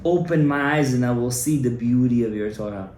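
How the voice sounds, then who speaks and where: A man giving a Torah class to a small audience, emphatic and exhorting, often rising to loud, fervent urging. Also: medium pitch, fairly quick. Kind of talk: animated Torah lecture to a live audience. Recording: echoey room, faint room noise.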